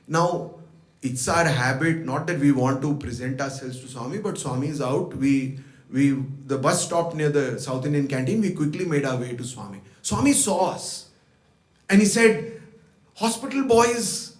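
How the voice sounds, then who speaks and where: A man's voice: medium pitch, moderate pace, reverberant. A man giving a devotional talk, reflectively telling personal stories and acting out the dialogue he remembers. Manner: reflective, retells events with quoted dialogue. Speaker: guest speaker at a devotional birthday program. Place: devotional center hall.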